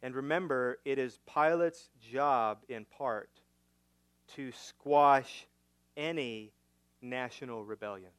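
A male pastor preaching a sermon, teaching through a passage with rhetorical questions, swinging from emphatic to hushed. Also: medium pitch, slow pace, clean tone, dry recording.

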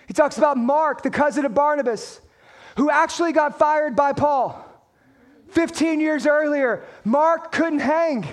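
A man preaching a sermon as a pastor, talking straight to his congregation with emphatic points and playful jokes. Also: extremely high pitch.

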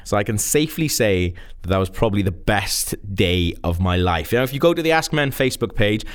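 A man's voice: fairly low pitch, lively intonation, fairly quick, clean tone. A young Welsh man hosting a podcast, narrating in a jokey, self-mocking way. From Wales. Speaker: podcast host.

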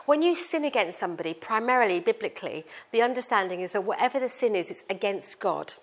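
A woman's voice: medium pitch, animated, quick pace. Chatty middle-aged British woman preaching. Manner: chatty, informal, explains with family stories. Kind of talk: conversational sermon.

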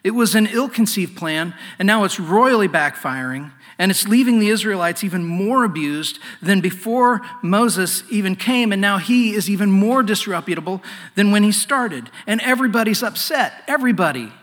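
A man preaching a sermon in an earnest way, often dropping to a hushed voice. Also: high voice, expressive, normal speed. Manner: earnest, swings from loud to hushed. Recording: long hall reverb.

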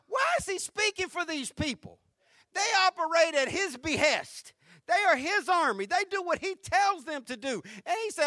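A male pastor preaching a sermon with fervor, going from hushed tones to shouting and repeating his points. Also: very high-pitched, animated, moderate pace, dry recording, clean studio sound. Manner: fervent preaching, swinging from hushed to shouting, with repetition.

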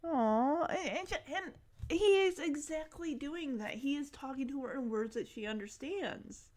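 A woman talking through a show episode scene by scene in a loose, chatty way. Her voice is fairly high, and she drifts into fond asides and little laughs as she goes. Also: expressive, unhurried, darkish tone. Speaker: show recap host. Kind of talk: casual episode recap commentary.

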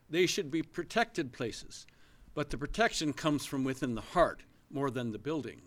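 Grave debate candidate, mid-pitched man, earnest and sorrowful. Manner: earnest, grave, dwells on sadness. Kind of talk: debate answer.

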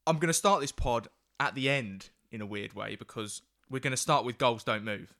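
A man's voice: mid-range voice, moderate pace, a bit bright, soft background music. A young man hosting a podcast, reading a scripted intro and then chatting and teasing his guest in a friendly way. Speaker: podcast host.

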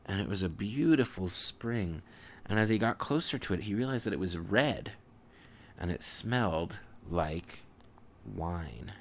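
Low gravelly father telling a bedtime story. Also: animated, slight background noise. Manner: meandering, with restarts and dramatic slowdowns.

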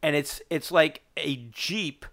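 A middle-aged man recapping a movie in casual chat, rambling and halting, restarting his sentences often. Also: fairly high pitch, gravelly, fairly bright tone.

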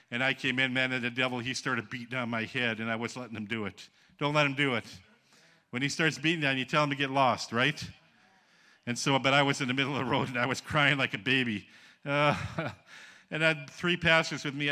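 A man's voice: mid-range voice, pushed and bright. An older man preaching in a church auditorium, telling a story animatedly, acting out the quotes and laughing at his own tales. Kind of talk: storytelling sermon.

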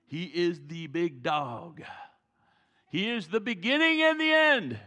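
Brief: male pastor, high bright voice, gravelly edge, folksy sermon in a reverberant hall. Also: slow. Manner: animated, folksy, joking asides. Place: church sanctuary. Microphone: wearing a mic.

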